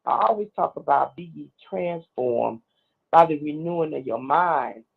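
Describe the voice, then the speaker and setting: Woman caller, earnest, gravelly, tinny phone line. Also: low voice, lively intonation, a little slow. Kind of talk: call-in radio commentary.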